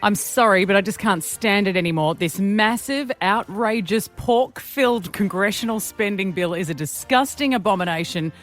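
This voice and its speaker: A woman's voice: mid-range voice, normal speed, few pauses, faint music behind, pitched above the performer's own voice, close to an everyday voice. A woman host reading a tech billionaire's angry posts aloud in her own voice, with emphatic delivery. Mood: indignant.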